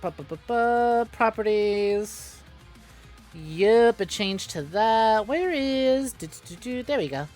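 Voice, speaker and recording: Foul-mouthed, rambling woman streamer, fairly high voice. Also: expressive, slow pace, a little mellow, soft background music. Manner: rambling, swears freely, rants then laughs. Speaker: VTuber streamer. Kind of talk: casual live-stream chat.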